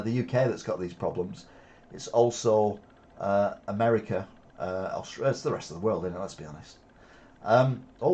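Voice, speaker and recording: A man reads news headlines and adds sarcastic, opinionated comments, pausing often with "uh". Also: lowish voice, dark tone. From England. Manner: sarcastic asides, frequent "uh" hesitations.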